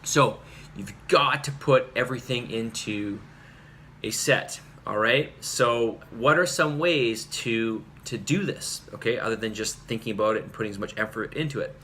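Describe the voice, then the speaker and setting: A man's voice: mid-range voice, normal speed, pushed and bright, a little hiss or hum. A male fitness coach giving an earnest, rambling talk to his group, full of fillers and restarts. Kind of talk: casual talk to camera.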